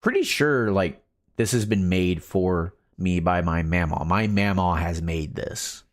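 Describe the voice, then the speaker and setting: Slow-talking low-voiced male streamer. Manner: laid-back, laughs often, reads chat aloud. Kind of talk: casual game stream chat.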